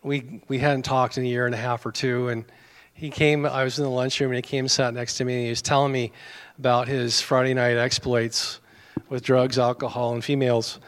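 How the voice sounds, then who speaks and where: A man's voice: medium pitch, level tone, a little fast. A middle-aged American man preaching a sermon in a conversational way, with asides to his congregation and small chuckles. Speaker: pastor.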